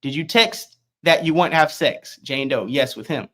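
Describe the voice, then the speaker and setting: Man, online commentator, reading court transcript aloud, stumbles and repeats, casual asides, bright tone. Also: a little high, expressive. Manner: reads in a rushed, halting way, stumbling and repeating words.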